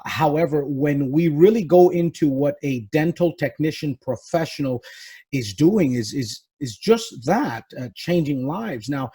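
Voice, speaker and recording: A man hosting a podcast interview, speaking reflectively with frequent pauses and restarts. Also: a little high, mellow, breathy edge. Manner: reflective, halting, many restarts. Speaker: podcast host. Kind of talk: casual interview conversation. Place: South Florida.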